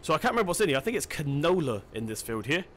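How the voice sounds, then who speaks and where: A man's voice: fairly high pitch, big pitch swings, rapid-fire, a bit bright, a little hiss or hum. Chatty man narrating his gameplay. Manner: chatty, self-deprecating, thinks aloud. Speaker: gaming channel host. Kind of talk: casual let's-play commentary.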